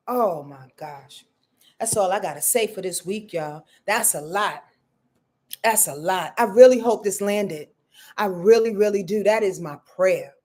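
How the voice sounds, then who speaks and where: A woman's voice: medium pitch, a little mellow. A woman astrologer hosting a live weekly forecast, talking straight to her viewers in an emphatic, preachy way and repeating phrases for effect. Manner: talks straight to viewers with "y'all", affectionate. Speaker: astrologer and show host.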